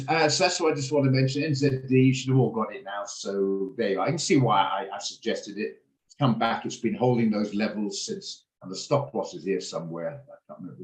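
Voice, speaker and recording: Low-voiced middle-aged guy rambling about trades, lots of restarts, echoey video call room. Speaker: trading room host. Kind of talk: casual live trading commentary.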